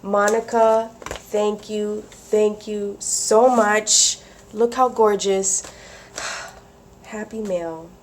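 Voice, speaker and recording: A woman vlogging about craft mail, gushing and excitable, with gasps, whispers and squeals. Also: medium pitch, drawn-out words, slight background noise. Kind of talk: casual chat to camera.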